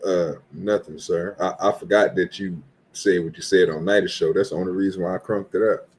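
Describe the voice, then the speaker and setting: A man with a very deep voice speaks haltingly, as a co-host in a casual chat. Faint noise hums behind him. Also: steady tone, a little mellow. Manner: hesitant, halting.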